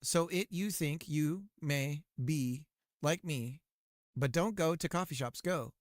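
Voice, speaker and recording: A man's voice: fairly high pitch, slow, dry recording, studio quality. A man chatting casually on a live stream while building a game, joking, laughing often and reading error messages aloud.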